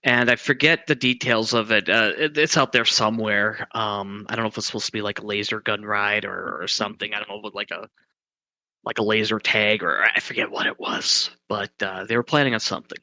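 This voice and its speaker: A man with a bright, forward voice wonders aloud about a film, tossing out questions and letting sentences trail away. His voice sits close to the mic in a dry recording. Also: lowish voice, steady tone, fairly quick, no echo. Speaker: podcast co-host. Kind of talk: casual movie discussion.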